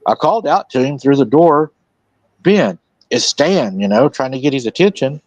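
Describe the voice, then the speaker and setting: A man hosting a live stream in a relaxed way, retelling a witness's account and quoting his words. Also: medium pitch, fast, no echo, dull audio. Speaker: host.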